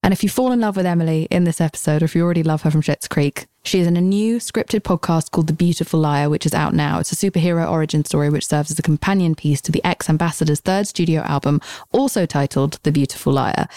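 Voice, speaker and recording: A woman hosting a podcast, her voice hoarse from a cold, talking in an effusive, enthusiastic way. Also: low voice, warm tone, no echo, clean studio sound. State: sick, hoarse voice. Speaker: podcast host. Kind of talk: podcast intro and interview.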